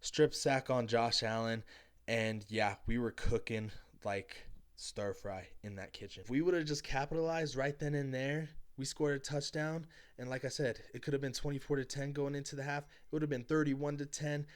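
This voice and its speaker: A man's voice: mid-range voice, fairly even intonation, moderate pace, clean tone. A man ranting about a football game, brash and mocking, with profane trash talk at his critics. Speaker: sports commentator. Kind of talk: heated sports reaction rant.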